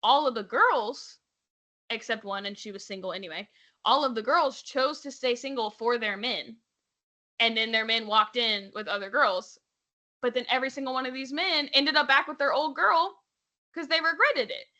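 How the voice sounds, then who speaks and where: Bright, chatty young woman. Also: sits high, normal speed. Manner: chatty, animated, full of "like" and quoted voices. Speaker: podcast co-host. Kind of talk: casual chat recapping reality TV.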